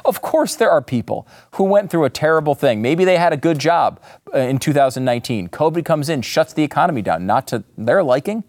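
Sarcastic man with a lively high voice. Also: brisk, dry recording, clean studio sound. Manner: sarcastic, incredulous, rising to exasperated outbursts. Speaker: commentary host. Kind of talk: sarcastic monologue reacting to news clips.

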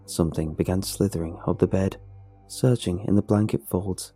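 A man narrating a scripted horror story in a measured, somber way. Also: low voice, fairly even intonation, dark tone, husky, soft background music.

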